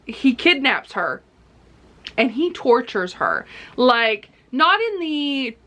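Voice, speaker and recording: A woman with a fairly high, bright voice reviews books in a casual vlog. She talks bluntly and with animation, speaking frankly about explicit material. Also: big pitch swings, takes it slowly. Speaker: book reviewer.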